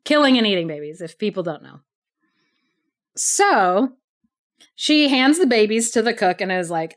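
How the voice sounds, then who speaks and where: A woman's voice: mid-range voice, sing-song, moderate pace, pauses often. A woman co-hosting a podcast, casually retelling a story with lots of "like" and frequent laughter. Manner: chatty, laughs often, heavy use of "like". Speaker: podcast co-host.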